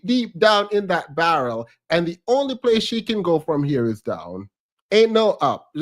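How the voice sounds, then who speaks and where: Man, high pitch, very lively delivery, reaction commentary, frequent laughter, repetitive teasing. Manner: laughs often, repeats phrases, playful teasing. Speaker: streamer reacting to a clip.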